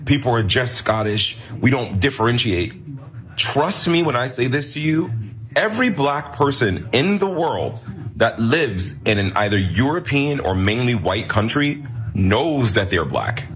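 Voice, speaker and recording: Man, mid pitch, earnest, explaining, social media commentary. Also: very animated, measured pace, a bit bright.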